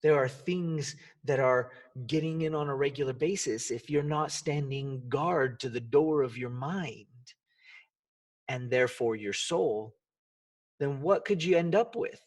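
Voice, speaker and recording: Man, motivational podcast host, emphatic, rhetorical, husky, bit distant from mic. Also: medium pitch, unhurried. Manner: energetic, emphatic, rhetorical questions. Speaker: podcast host and dance coach.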